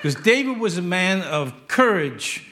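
Man, preacher, sermon, emphatic, joking, acts out stories, higher voice. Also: big pitch swings, measured pace, bright, forceful tone, slight background noise.

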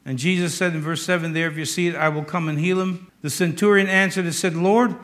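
Older pastor guy preaching, high ringing voice, gets loud then drops quiet. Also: steady tone, a little fast. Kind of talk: sermon.

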